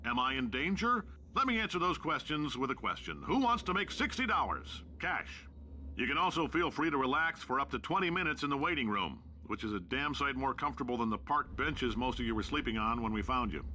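Cave Johnson, a brash CEO. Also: male voice, medium pitch, big pitch swings, fairly quick, sharp tone, slight background noise. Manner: brash, sarcastic salesman patter. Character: brash boastful male company boss, middle-aged. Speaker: game character, company CEO. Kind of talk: recorded game dialogue.

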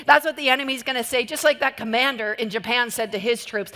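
A woman delivers a sermon in a high, bright voice and tells stories with animated energy and bursts of laughter. A long reverb trails her words around a large hall. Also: fast talker, hardly any pauses. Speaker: preacher. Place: church hall.

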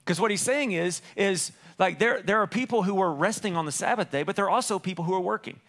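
A male pastor preaching a sermon, with a high voice. He is animated and playful and acts out voices in the stories he tells. He often turns loud and quick for a punchline.

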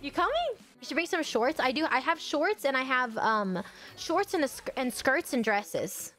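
A young woman talks through her game on a home stream, her fairly high voice chatty and easily excited. She tends to break into sudden exclamations. Faint music plays underneath. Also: normal speed. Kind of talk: casual gaming commentary.

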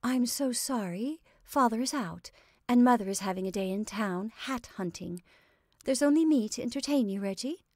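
A woman voicing a merry young woman with a small, soft voice and a light, bubbling manner. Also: fairly high pitch, expressive, normal speed, few pauses, no echo, studio quality, pitched above the performer's own voice. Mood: amused.

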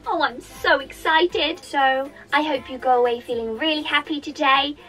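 A woman's voice: high-pitched, fairly even intonation, normal speed, a bit bright. A woman with a British accent leading an interactive music session for young children, cheerful and sing-song, talking straight to the kids.

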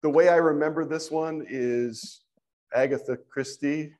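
A man teaches a language class at a slow, unhurried pace. He is patient and thinks aloud, with many fillers as he works through each word. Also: fairly high pitch, fairly even intonation, a little mellow. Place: church classroom.

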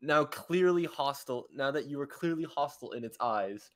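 A man narrating as dungeon master of a tabletop game over voice chat, halting and often restarting as he describes the scene. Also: medium pitch, lively intonation.

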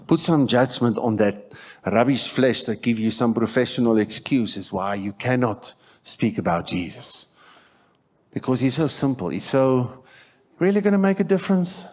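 A South African man preaching a sermon in church, telling stories with animated acted-out voices and shouting for emphasis. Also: lowish voice. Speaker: pastor.

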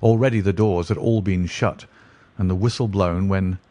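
A man narrating a classic detective story in a steady, even reading voice. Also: deep voice, moderate pace.

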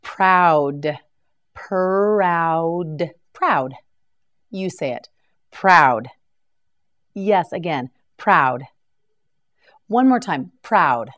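A woman's voice: sits low, animated, fairly bright tone. A woman teaching English vocabulary in a scripted drill, enunciating each word carefully and praising the learner. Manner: slow, carefully enunciated repetition with encouraging praise.

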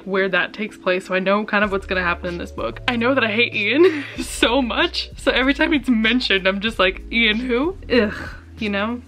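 A young woman with a medium-pitched, fairly bright voice films a casual reading reaction vlog at home on a camera on a stand, and the recording is low quality. She gasps, shrieks and swears freely as she reacts live to a book.

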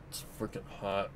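A man chatting casually on camera in his room at home, rambling and correcting himself with frequent chuckles. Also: very noisy. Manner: meandering, self-correcting, chuckling often. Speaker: fan audiobook reader and voice actor. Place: home room with guitars and a keyboard.

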